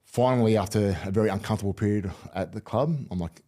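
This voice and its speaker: Here a middle-aged former rugby league player chats as a podcast guest, sharing candid, meandering stories with frequent restarts in a relaxed storytelling interview. His voice sits lowish and dark, and he moves at a quick pace.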